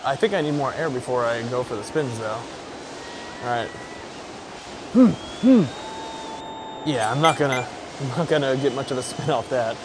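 A young man giving casual, excitable commentary as he plays a VR game, joking, swearing and yelling at the game. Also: medium pitch, noisy background. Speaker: gaming YouTuber.

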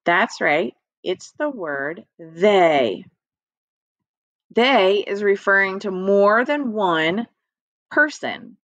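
A woman's voice: mid-range voice, expressive, very slow, fairly bright tone, no echo. A woman teaching an early-reading lesson to young children in a patient, encouraging way, speaking directly to her students. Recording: dry, slightly dull lo-fi audio.

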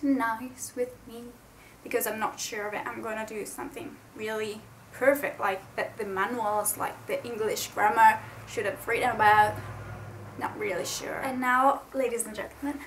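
A woman's voice: fairly high pitch, slight background noise, poor audio. A young Italian woman with an Italian accent, chatting eagerly and self-deprecatingly in a casual explainer vlog. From Italy. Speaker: YouTuber.

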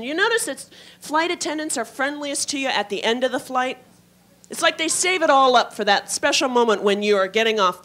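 A young woman performing a stand-up comedy set in a club, wry and self-mocking, slipping into mock voices. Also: mid-range voice. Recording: live club recording with audible noise.

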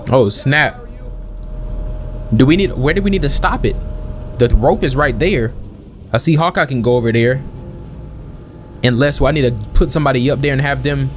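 A man's voice: medium pitch, normal speed, pauses often, a little hiss or hum. Chatty young man commenting on gameplay. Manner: chatty, questions the game aloud, calls everyone bro. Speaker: gaming channel host. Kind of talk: casual let's-play commentary.

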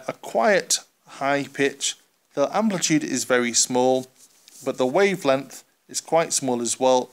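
A man teaching a physics lesson, talking through drawn diagrams in a relaxed, conversational way with frequent pauses. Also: mid-range voice. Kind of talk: explaining exam topics over drawn diagrams.

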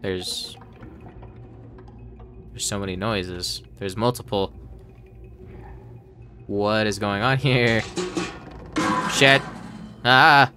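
A man's voice: on the low side, takes it slowly, pauses often, fairly bright tone, faint music behind. A man playing through a horror game, talking to the characters on screen, yelping and swearing at each scare. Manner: jumpy, yelps and swears, talks to the game characters. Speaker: let's play gamer.

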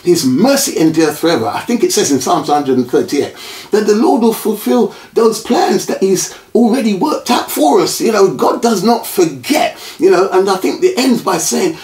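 A man's voice: high-pitched, big pitch swings, moderate pace, darkish tone, echoey room, distant mic. Fervent man leading a closing prayer. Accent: British. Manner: fervent, declarative prayer with rising exclamations. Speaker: church service host. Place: church auditorium.

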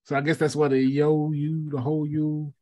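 A man's voice: on the high side, flat delivery, normal speed, mellow. A man, explaining things in a matter-of-fact way during a casual chat. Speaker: podcast co-host.

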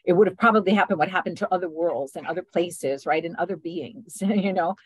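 A woman hosting a spiritual group video call, talking gently and affectionately, often adding "right?" and soft laughs. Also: on the low side, brisk, husky, no echo, rough recording. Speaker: spiritual session host.

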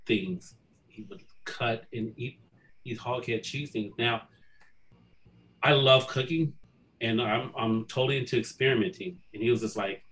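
Bright-toned man reminiscing on a call. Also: mid-range voice, low-quality recording. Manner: warm, amused, quick asides. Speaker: panel guest, family member. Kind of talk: fond family reminiscing. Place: at home.

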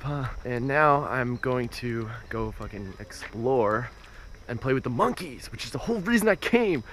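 A young man in a casual travel vlog, talking to a handheld camera as he goes, swearing often and ranting in a rambling, excitable way. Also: mid-range voice. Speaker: travel vlogger. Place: outdoors and in cafes while traveling. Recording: noisy outdoor camera audio.

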